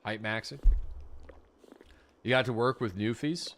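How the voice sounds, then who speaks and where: A man's voice: mid-range voice, slight background noise. A man from Atlantic Canada, chatting casually and swearing freely while he streams a game. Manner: animated, swearing, quick to laugh. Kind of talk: casual livestream chat while gaming.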